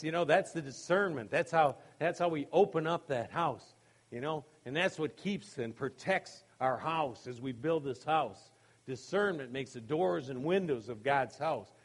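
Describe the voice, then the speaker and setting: With a mid-range, breathy-edged voice at normal speed, this pastor preaches in a chatty, conversational way. Asides like "you know" and "okay?" come often, and he laughs as he imitates voices in his funny anecdotes.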